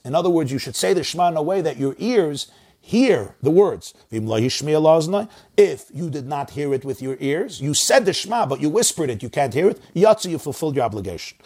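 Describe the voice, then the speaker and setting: A man with a slightly raised, husky voice teaches a religious text line by line. He reads each Hebrew phrase in an Ashkenazi pronunciation, then explains it in English and repeats words slowly as examples. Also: on the high side, darkish tone. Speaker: Torah teacher.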